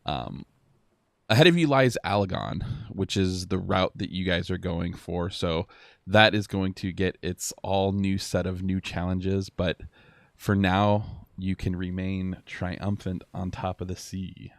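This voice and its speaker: A man's voice: sits low, no echo, clean studio sound. A man narrating a tabletop role-playing game as game master, hesitating often with fillers and restarts. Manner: halting, with many fillers and restarts.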